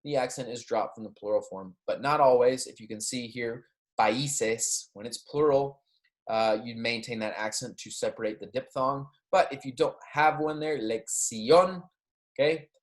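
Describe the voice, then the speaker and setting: A man teaching a Spanish grammar lecture, explaining patiently, checking in often with "okay?" and "right?", and pronouncing the Spanish examples slowly and clearly. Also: mid-range voice. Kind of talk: recorded classroom lecture.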